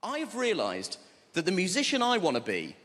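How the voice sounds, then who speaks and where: A man doing stand-up comedy on stage, pushing his punchlines with excited repetition. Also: high-pitched, brisk, very noisy. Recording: large hall, loud crowd laughter.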